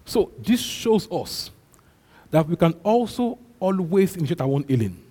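Male preacher, kinda high voice, husky and mellow, repeats lines for emphasis, big echo of a church hall. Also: sing-song, a little slow. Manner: emphatic preaching with repetition and call-and-response. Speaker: pastor. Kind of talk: sermon. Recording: long hall reverb.

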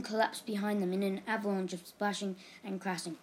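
A woman reading a children's book aloud in a steady, expressive storytelling manner. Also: mid-range voice, brisk. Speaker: reader.

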